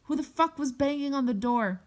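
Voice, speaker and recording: A woman's voice: high-pitched, fairly quick, voice pushed up, close to an everyday voice. Brief: woman doing an enraged mother, cursing and threatening, in an everyday voice. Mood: yelling. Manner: yelling, cursing. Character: abusive mother, furious and threatening.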